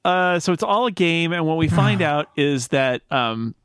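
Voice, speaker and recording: A man's voice: a little high, lively intonation, normal speed, a bit bright, smooth, no room sound, clean studio sound. A man hosting a podcast, recapping a show in a rambling casual way. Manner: rambling recap, many restarts. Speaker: podcast host. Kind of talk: casual chat.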